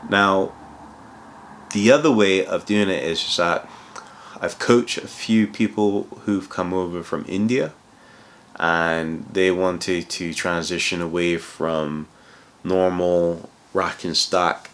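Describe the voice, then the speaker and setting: A man's voice: low voice, steady tone, takes it slowly, fairly bright tone. A man who moved to England from abroad, a consultant giving casual career advice in a rambling way, full of restarts and "you know". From outside England, moved there.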